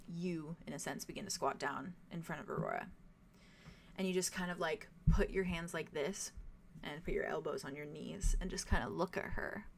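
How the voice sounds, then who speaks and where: A woman's voice: on the low side, gravelly. A young woman narrating a tabletop game as game master, descriptive and full of fillers. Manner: descriptive, many fillers like "like" and "kind of".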